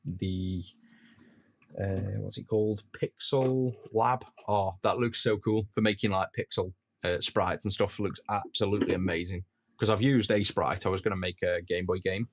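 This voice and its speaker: Speaking in a low voice at normal speed, a man from Stoke-on-Trent, England, with a Potteries accent solders while casually chatting with viewers. He fixes retro consoles on stream, rambling easily and answering chat as he works; the recording is low quality.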